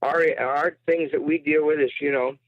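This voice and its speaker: A man in his sixties, a guest drummer, talking haltingly in a casual interview. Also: on the high side, fairly even intonation, dry recording. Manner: hesitant, full of fillers and restarts. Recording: dry tinny phone line.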